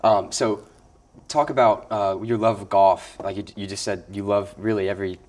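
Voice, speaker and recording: A young man hosts a campus sports interview, chatting loosely and restarting his sentences often. His voice sits somewhat low. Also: fairly even intonation, moderate pace, darkish tone. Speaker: host.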